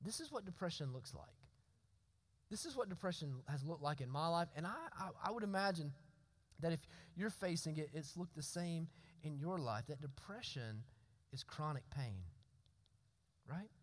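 A man's voice: fairly high pitch, animated, moderate pace. A man preaching a sermon as pastor, earnest, often repeating and restarting words and asking "right?" to the congregation.

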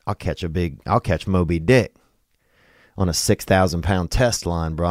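A man's voice: deep voice, normal speed, no echo, clean studio sound. A man from Louisiana, hosting a podcast in a rambling, profane, comedic monologue. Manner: rambling, profane, drawling asides. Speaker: podcast host.

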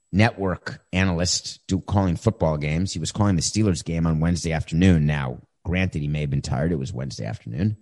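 A man hosting a talk show monologue, wry and emphatic, moving between quick asides and slow, deliberate points. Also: lowish voice, a little mellow. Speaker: show host. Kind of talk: monologue commentary. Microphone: camera setup.

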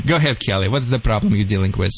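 A man's voice: mid-range voice, husky. A man with a Russian accent, a dog trainer co-hosting a radio talk show, playful and lecturing in broken English. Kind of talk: casual radio chat.

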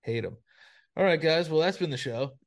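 A man's voice: on the high side, animated, normal speed. A man hosting a podcast over a video call, ranting in crude casual banter, swearing freely and padding every sentence with "like.". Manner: profane ranting, heavy filler "like". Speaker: podcast host. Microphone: remote video call.

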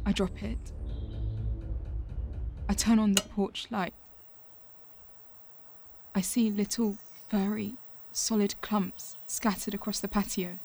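An actress narrating a radio drama as a young woman looking back on her family, in a slow, quiet, reflective first-person voice. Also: mid-range voice, little pitch movement, vocal fry, soft background music. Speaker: lead narrator of an audio drama.

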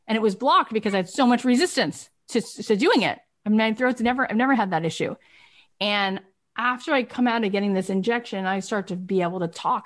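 Female coach, casual motivational talk, leans on "right?", mid-pitched voice. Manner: emphatic, repeats "right?" and "like".

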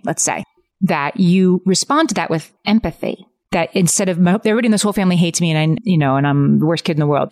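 A woman co-hosting a podcast, explaining parenting advice in a casual, talky way. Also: sits low. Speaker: podcast co-host.

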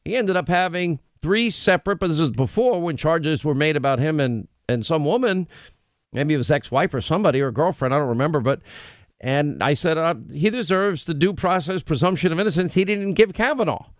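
A man's voice: a little high, expressive, no room sound. Emphatic New York talk-radio host, man. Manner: emphatic, rapid, self-interrupting. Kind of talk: radio talk show chat.

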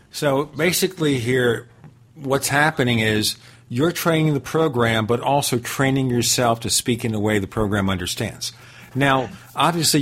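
A man's voice: medium pitch, a bit bright. A man hosting a talk show, asking a guest questions and pushing back on his answers. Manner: inquisitive, pushes back with questions. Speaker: host. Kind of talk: interview conversation.

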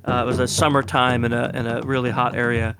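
A man who works as a security consultant tells a lively story in an interview, laughing often and acting out the quotes. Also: medium pitch, fast talker, over music.

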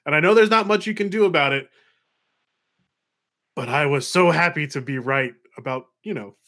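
A man's voice: on the high side, normal speed, pushed and bright. A man co-hosting a sports podcast in casual chat, boastful and playful. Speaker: podcast co-host.

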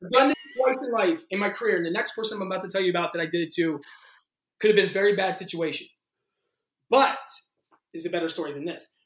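A male actor telling audition stories in a casual interview, animated and full of "like". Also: high-pitched. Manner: animated, fast-shifting, heavy use of "like". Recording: roomy echo.

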